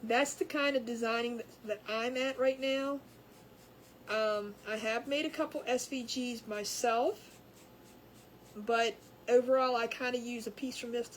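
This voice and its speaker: A high-voiced woman chats her way through a craft livestream from home. She rambles and laughs easily with her viewers. A faint hum runs under her voice. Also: poor audio. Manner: chatty, rambling, laughs often. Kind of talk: casual chat with live viewers.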